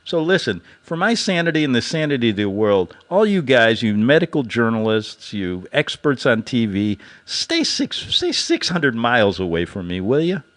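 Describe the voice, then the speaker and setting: A man's voice: mid-range voice, sing-song, moderate pace, hardly any pauses. A man hosting a podcast, delivering a sarcastic satirical monologue and laughing at his own jokes. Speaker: podcast host.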